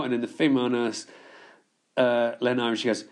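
A man guesting on a podcast, chatting loosely and telling stories. He swears often and laughs at his own tales. His voice sits in an ordinary middle pitch. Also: fairly even intonation, fast talker. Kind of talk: casual storytelling chat.

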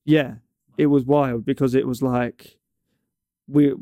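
A man's voice: mid-range voice, level tone, takes it slowly, no room sound, narrow, tinny audio. A young man from England in casual chat, telling a long story with many stumbles and restarts. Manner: rambling, stumbles and restarts often.

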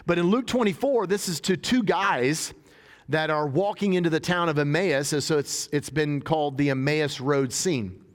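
A man's voice: a little high, normal speed. A man preaching a sermon in a casual, joking way, reading scripture and paraphrasing it in everyday talk. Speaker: pastor. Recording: long hall reverb.

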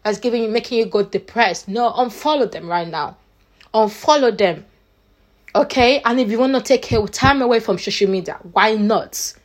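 A woman's voice: a little high, normal speed. A woman vlogger giving her viewers an earnest, faith-filled pep talk, emphatic and repetitive, often restarting her phrases.

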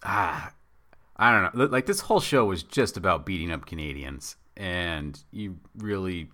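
Low-voiced guy with a bright edge, rambling on about wrestling booking, gets animated. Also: moderate pace. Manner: rambling, animated, acts out bits in silly voices. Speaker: podcast co-host. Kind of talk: casual wrestling chat.

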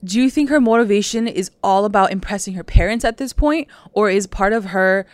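Female co-host, rapid casual chat, filler-heavy, close dry mic. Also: mid-range voice, no room sound. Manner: chatty, lots of "like", quotes characters. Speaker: podcast co-host.

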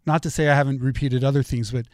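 A man's voice: medium pitch, fairly even intonation, quick pace, darkish tone, no room sound, studio quality. A middle-aged man hosting a solo political commentary show, talking in an opinionated, conversational way and telling stories.

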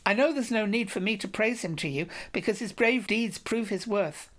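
A woman's voice: medium pitch, moderate pace, close to an everyday voice. A woman reading an audiobook, voicing a wounded, grateful knight who speaks formally and solemnly. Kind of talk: audiobook reading of a medieval romance.

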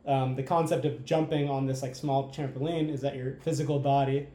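A man's voice: medium pitch, level tone, fairly quick, dark tone, reverberant. A man talking casually and enthusiastically as a podcast guest, rambling and asking "right?" often. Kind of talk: casual conversation.

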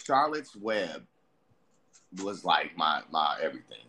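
Animated man telling stories. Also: a bass voice, measured pace, very noisy. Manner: animated, acts out voices of himself and friends. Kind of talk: casual storytelling chat.

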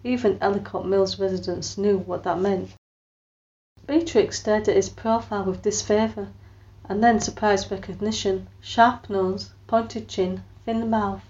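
A woman narrates a story a little slowly in a medium-pitched voice, giving its people their own voices and lifting her tone for quotes in expressive audiobook style. The recording is muffled.

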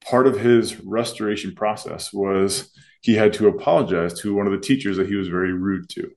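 A man's voice: lowish voice, brisk, darkish tone. A man co-hosting a podcast, speaking earnestly and reflectively as a school leader in casual discussion. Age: adult with children. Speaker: school administrator and podcast co-host.

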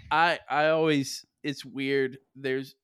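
This young podcast host has a Southern US accent and tells stories animatedly during a casual chat, laughing often. His mid-range voice is clear and resonant, and he takes it slowly. The studio-quality recording has no echo.

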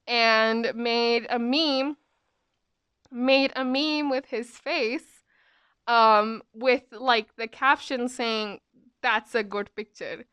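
A woman in her twenties tells a story from school in a relaxed, chatty way, her voice a little high and smooth. She leans heavily on "like" and keeps restarting her sentences; the audio is dull but has no echo.

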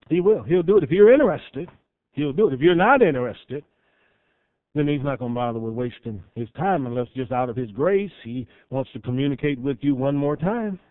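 A man preaching a sermon as pastor, rising to loud emphatic peaks and dropping to soft, drawn-out lines. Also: medium pitch, no echo. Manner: swells loud then drops soft, dramatic pauses. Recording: tinny phone-like sound.

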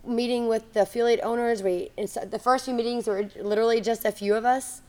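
A woman's voice: a little high, fairly even intonation, fast, a little mellow. A woman, a gym owner and guest on a podcast, talking in an enthusiastic, chatty way. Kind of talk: casual podcast interview.

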